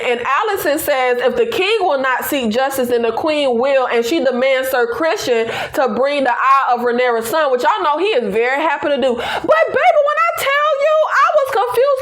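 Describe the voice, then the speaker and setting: A woman casually reviewing a TV episode, animated and playful, laughing often and using slang. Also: high voice, moderate pace, hardly any pauses. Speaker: TV recap reviewer.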